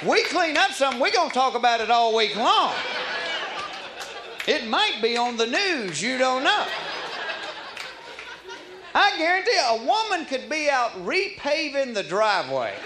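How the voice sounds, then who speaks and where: A man's voice: extremely high pitch, very animated, a little slow, long pauses, a crowd in the background. A man performing a folksy stand-up routine on a comedy club stage, with audience laughter behind him. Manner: folksy, drawling storyteller. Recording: live club recording, roomy, audience noise.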